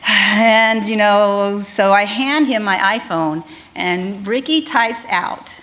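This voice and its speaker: A woman speech pathologist giving an animated conference talk, telling stories with frequent ums and restarts. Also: mid-range voice, slow pace.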